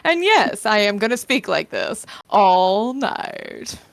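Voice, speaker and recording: A woman putting on the voice of a smug, punchable socialite in a tabletop game, with a slow, affected drawl. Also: mid-range voice, big pitch swings, gravelly, no room sound, full character voice. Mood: airy, smug. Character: drawling posh socialite who seems punchable. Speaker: player.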